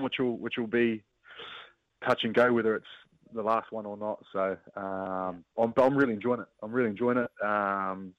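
A low-voiced New Zealand man calling in to a radio show, easygoing and stop-start as he thinks aloud. The line is muffled and dry. He never hurries his answers. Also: dry recording. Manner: halting, relaxed, many fillers and restarts. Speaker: phone-in guest. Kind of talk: casual interview. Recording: muffled phone-line audio.

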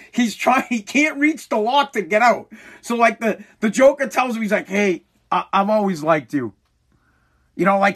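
A man with a notably high voice talks loosely and profanely, like a podcast host. He rambles, restarts his sentences and keeps breaking into laughter as he goes. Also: fairly bright tone. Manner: profane, laughs often while retelling. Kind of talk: casual rambling chat.

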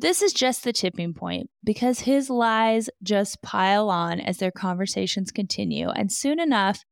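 True crime podcast host, woman, higher voice with some vocal fry, wry and incredulous, dry close-mic read. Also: moderate pace, hardly any pauses, dry recording. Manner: sarcastic, incredulous asides.

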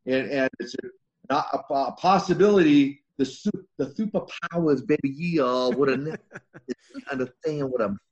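A man's voice: mid-range voice, normal speed, lo-fi sound. A man in his sixties, a former wrestler as guest, telling stories animatedly, laughing and restarting his sentences. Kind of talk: casual interview storytelling.

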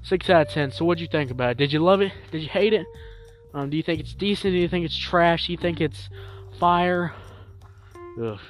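A man hosting a solo music review podcast, talking casually and rambling with lots of fillers and repeats, getting loud and animated at times. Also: on the high side, a little fast. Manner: animated, jumps up loud when promoting.

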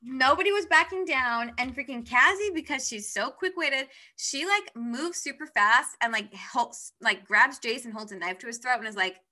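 A woman's voice: high voice, lively intonation, normal speed, few pauses, pushed and bright. A young woman in casual chat, animatedly retelling a book's plot and acting out the characters' lines. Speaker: book podcast co-host.

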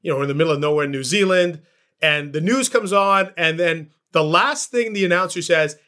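Animated higher-voiced male sports host. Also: brisk. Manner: storytelling, animated. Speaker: podcast host. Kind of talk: casual sports chat.

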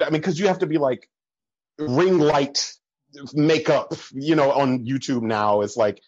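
Lo-fi man telling animated stories. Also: mid-range voice, moderate pace, no room sound. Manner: animated storytelling with laughs and quoted voices. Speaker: podcast guest. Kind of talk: casual conversation.

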